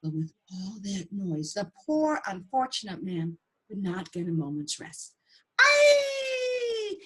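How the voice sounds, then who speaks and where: A woman's voice: medium pitch, fairly bright tone, slightly rough, poor audio. A woman storyteller telling a folktale aloud, acting out the voices and animal sounds.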